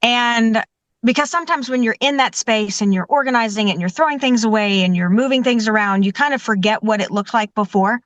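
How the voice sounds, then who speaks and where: A woman's voice: on the high side, a little fast, dry recording, lo-fi sound. A woman, a professional organizer being interviewed, talking eagerly and telling stories with many "you know"s. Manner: enthusiastic, warm storytelling with many "you know"s. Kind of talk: conversational interview answers.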